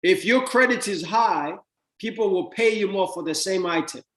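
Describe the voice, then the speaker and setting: A man giving an animated motivational talk about money, often repeating words and acting out little exchanges with other people. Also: high-pitched, moderate pace, echoey room, rough recording. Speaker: speaker teaching about money.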